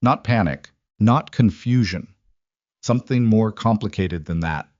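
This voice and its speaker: A man narrating a military thriller story in a steady, dramatic storytelling style, in a dry, slightly muffled recording. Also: fairly low pitch, measured pace, no echo. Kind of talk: scripted narration.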